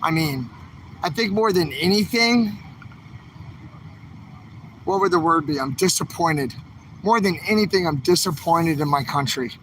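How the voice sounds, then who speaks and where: A male activist vlogger, livestreaming outdoors in the city, rants angrily to camera in a slightly high, animated, somewhat bright voice, keeping a measured pace with frequent pauses while exhorting viewers. The poor audio has slight background noise.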